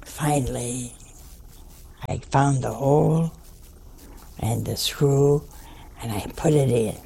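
A woman's voice: rumbling low, slow pace, vocal fry, dark tone, breathy edge. An older woman, a nun, telling a wry anecdote to an audience. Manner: wry, anecdotal, with dry asides. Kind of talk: storytelling talk to an audience.

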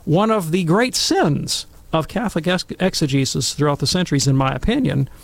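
A middle-aged man telling wry, animated stories and commenting on scripture in a casual talk. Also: fairly high pitch, brisk, gravelly, no echo. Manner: wry, animated anecdotes with acted quotes.

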